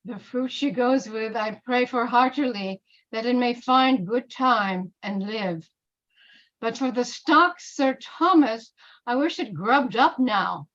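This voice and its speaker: A woman reading the part of a scheming male bishop in an amateur Shakespeare reading, with slow, deliberate verse delivery. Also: a little high, a bit bright, highs cut off. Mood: conspiratorial. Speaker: reader in a play reading.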